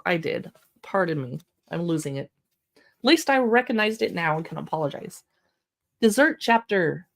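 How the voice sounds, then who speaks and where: A chatty woman hosting a casual livestream, leafing through a cookbook and exclaiming over the pictures with self-deprecating asides. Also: mid-range voice. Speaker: livestream shopping host.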